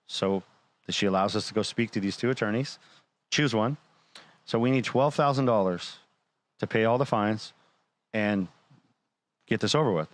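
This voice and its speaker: A man's voice: fairly low pitch, moderate pace, long pauses. A man casually telling a personal story, acting out the dialogue and swearing freely. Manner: animated retelling, acting out quoted dialogue.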